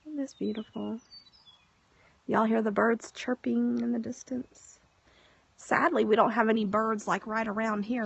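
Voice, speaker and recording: A woman hosting a casual live stream from the countryside at sunset, chatting warmly and greeting viewers by name on her phone. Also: fairly high pitch, steady tone, a little slow, vocal fry, husky. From Texas. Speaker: livestream host.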